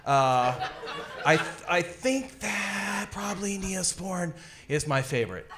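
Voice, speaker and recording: A man's voice: high-pitched, big pitch swings, a little slow, background noise. A man playing a bumbling job applicant in a comedy sketch, bluffing and stumbling over his words with frequent laughs.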